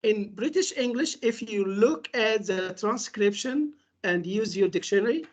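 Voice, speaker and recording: A woman's voice: medium pitch, lively intonation, a little slow. A woman teaching English pronunciation in a webinar lecture, repeating example words over and over like a drill.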